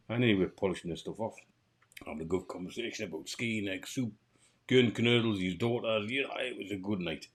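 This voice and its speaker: A man with a Geordie accent, co-hosting a podcast and telling a funny anecdote in a lively, laughing way. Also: lowish voice, husky. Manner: animated anecdote teller, laughs through the story. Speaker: podcast co-host. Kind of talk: casual chat, storytelling.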